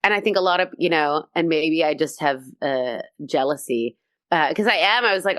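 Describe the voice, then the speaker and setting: A Canadian woman comedian in a casual interview, telling stories with energy and quick restarts. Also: deep voice, fairly bright tone, no echo, studio quality. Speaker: comedian guest.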